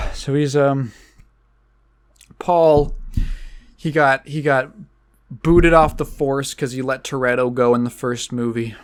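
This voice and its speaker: Casual podcast host, young, unhurried, loose rambly delivery, mid-pitched voice. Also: steady tone. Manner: rambling, restarts with fillers. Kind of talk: casual chat.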